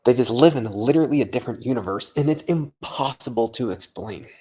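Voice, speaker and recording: A man's voice: mid-range voice, brisk, mellow, slightly rough. A man vlogging late at night, a little tipsy from vodka, rambling, swearing and repeating himself in amazement. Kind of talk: casual late-night vlog monologue.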